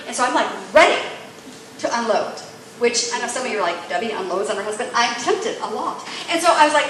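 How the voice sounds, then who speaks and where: A woman gives a teaching talk to women in a lively, animated way, acting out bits of dialogue as she tells stories. Her voice sits high. The room around her rings with heavy echo, and a faint noise floor runs underneath. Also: fast. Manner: animated storytelling with acted-out dialogue and laughter.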